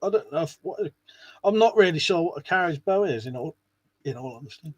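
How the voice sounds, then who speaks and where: A man's voice: fairly high pitch, lively intonation, brisk, no room sound. A man hosting a casual live stream, chatting to viewers in a rambling way and swearing now and then. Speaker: live stream host reading chat.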